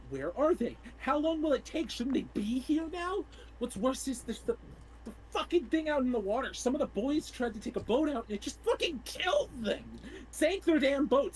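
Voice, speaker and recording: A man's voice: very high voice, slight background noise, pitched above the performer's own voice, rough recording. A man voicing a terrified young male dock engineer who is trapped, his delivery panicked and cracking upward. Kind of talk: reading a log entry in character.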